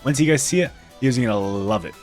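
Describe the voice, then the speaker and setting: A man's voice: mid-range voice, animated, fast, a little mellow, soft background music. A man giving casual, playful commentary as a gaming YouTuber, poking fun at himself and laughing often. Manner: playful and self-mocking, with frequent laughter.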